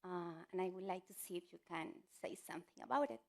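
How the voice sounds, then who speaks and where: A woman's voice: on the low side, quick pace, darkish tone. A woman in the audience asking questions, hesitant and full of fillers but eager. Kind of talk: live question-and-answer session.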